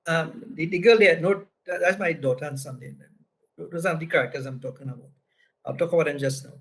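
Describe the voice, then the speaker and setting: A man's voice: on the high side, a little fast, fairly bright tone, rough recording. A man from Trinidad with a Trinidadian accent, presenting a business lesson through casual anecdotes and tagging his points with "right?". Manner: conversational, frequent "right?" tags.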